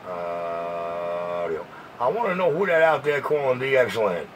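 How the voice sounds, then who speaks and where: A man's voice: fairly low pitch, sing-song, unhurried, recorded from a distance, a little hiss or hum, poor audio. A man from New York with a New York accent, making repetitive stammering call-outs as a CB radio operator. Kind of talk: CB radio chatter.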